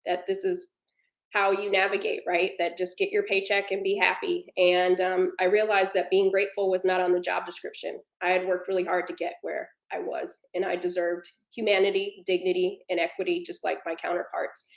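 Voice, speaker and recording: A woman's voice: on the low side, level tone, normal speed, gravelly, roomy sound. A woman on a panel telling a personal story earnestly, building to emphatic passages. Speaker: panel speaker.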